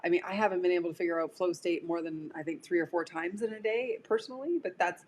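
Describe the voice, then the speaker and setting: A woman's voice: fairly low pitch, quick pace, darkish tone, a little hiss or hum. A woman coach talking casually on a live stream, chatty and prone to digressions. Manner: chatty, digressive, laughs easily. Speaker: career coach.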